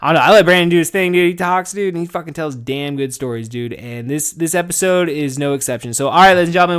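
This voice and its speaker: A young adult man hosting a podcast from his garage office, rambling and profane, laughing a lot and swinging from mumbled asides to loud excited bursts. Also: a little high, quick pace, few pauses, clean tone. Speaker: podcast host. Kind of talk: casual podcast monologue.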